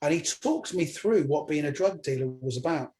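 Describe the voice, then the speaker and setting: A man, a stand-up comedian, telling a personal story as an interview guest, lively and acting out what others said. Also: a little high, normal speed. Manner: lively retelling, acts out others' lines.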